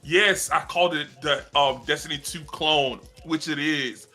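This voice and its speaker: Bright high-voiced man rambling. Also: measured pace, soft background music. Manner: rambling, animated, restarts sentences. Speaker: podcast co-host. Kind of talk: casual chat among friends.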